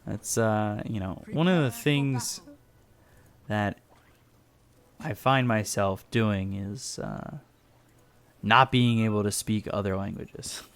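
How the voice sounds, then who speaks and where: A man's voice: fairly low pitch, slow, pauses often. A man, doing laid-back and chatty commentary on an esports match. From United States. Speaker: esports caster. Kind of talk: casual play-by-play commentary.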